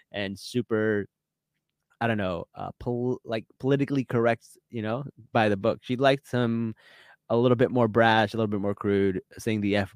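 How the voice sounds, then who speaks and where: A man's voice: lowish voice, smooth, dry recording, studio quality. Laughing man retelling a reality show. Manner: animated storytelling, laughs often, quick reenacted quotes. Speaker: podcast co-host. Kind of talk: casual recap chat.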